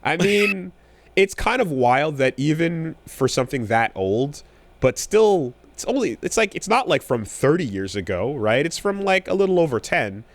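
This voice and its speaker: A man co-hosting a podcast in casual chat, talking in a rambling, animated way with many fillers and restarts. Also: a little high, normal speed. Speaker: podcast co-host.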